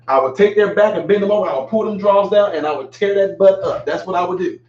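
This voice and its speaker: Animated man telling stories on a call-in show. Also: high voice, quick pace, few pauses, slight background noise. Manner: animated storyteller, acts out scenes. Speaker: host. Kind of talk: casual live call-in talk. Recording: echoey, dull lo-fi sound.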